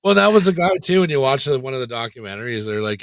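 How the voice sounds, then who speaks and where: A man hosting a casual chat, rambling and relaxed, swearing now and then. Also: mid-range voice, quick pace, few pauses, no echo. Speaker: host.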